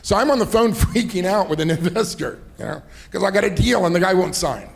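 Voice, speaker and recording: Middle-aged man, gravelly voice, fairly high pitch, rambling anecdotes, lots of "you know"s. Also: animated, brisk. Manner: rambling storyteller, heavy "you know" fillers, laughs while talking. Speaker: entrepreneur and investor, interview guest. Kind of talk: fireside chat on stage.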